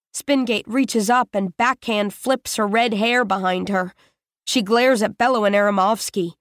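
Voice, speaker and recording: A woman reading a first-person story aloud in a measured, steady way. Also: mid-range voice, no echo, studio quality. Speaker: audiobook narrator.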